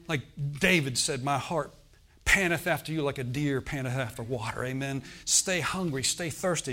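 A man's voice: on the high side, a bit bright. A man preaching a sermon, telling a personal healing story and often asking the congregation "Amen?". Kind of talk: sermon testimony.

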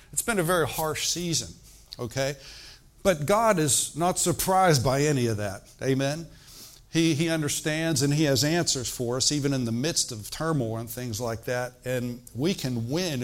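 An older man, a pastor, teaching a sermon in an easygoing, talky way and often checking in with the congregation. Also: medium pitch. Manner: conversational preaching with frequent call-and-response asides.

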